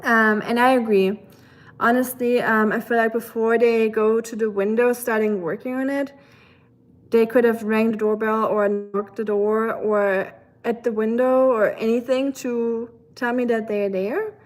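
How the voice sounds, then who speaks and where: A woman's voice: fairly high pitch, steady tone, unhurried. A woman from Germany with a German accent, chatting casually with viewers on a live stream, full of fillers and reading out their comments.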